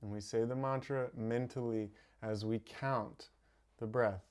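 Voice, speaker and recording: A man guiding a live breathwork meditation, calmly giving instructions and softly counting the breaths. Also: medium pitch, clean tone. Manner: slow, calm, counting softly. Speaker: meditation teacher. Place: home streaming setup.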